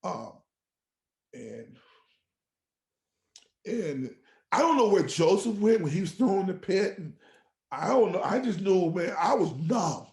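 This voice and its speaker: A man with a slightly high, gravelly voice tells his story as a pastor's testimony. He acts out the people he quotes and drops from loud to almost a whisper. The room around him has a noticeable echo. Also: big pitch swings, slow pace, pauses often. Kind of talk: emotional personal testimony on a podcast.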